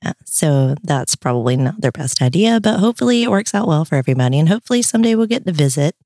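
A woman's voice: low voice, animated, fast talker, warm tone, no echo, clean studio sound. A middle-aged woman co-hosting a podcast, teasing her partner and laughing often in casual chat. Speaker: podcast co-host.

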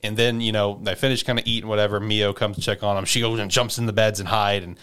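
A man's voice: fairly low pitch, level tone, quick pace, a bit bright, clear, resonant tone. A man casually recapping a story, rambling with lots of "you know" and "like". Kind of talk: casual chat.

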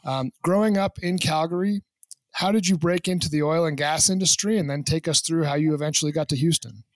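A man's voice: fairly high pitch, a little fast, dry recording. A man hosting a podcast, chatting in a playful, joking way. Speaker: podcast host. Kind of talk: casual podcast chat.

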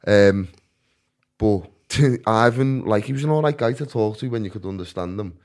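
A man's voice: lowish voice, normal speed, darkish tone. A man telling stories as a guest in a casual chat, laughing often and often asking "do you know what I mean".

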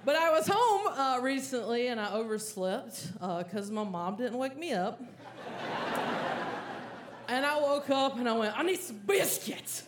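A woman performs stand-up on a club stage, telling her story with animated energy and bursts of frantic acted-out panic. Her voice sits a little high for a woman. Live room noise and crowd ambience run steadily under her mic. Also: a little slow, pauses often. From American South. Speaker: stand-up comedian. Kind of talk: stand-up comedy set. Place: comedy club stage with audience laughter.

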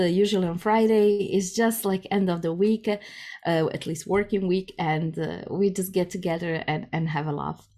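A woman speaks as a podcast guest over a video call, her voice a little low. She rambles and restarts often, and she is self-deprecating about her own work. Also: darkish tone. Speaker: podcast guest, improv jam organizer. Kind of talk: conversational interview.

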